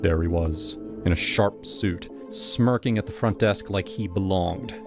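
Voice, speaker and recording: A man with a fairly low voice reads a horror story aloud in a steady, scripted first-person narration. Music plays clearly behind him throughout. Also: measured pace.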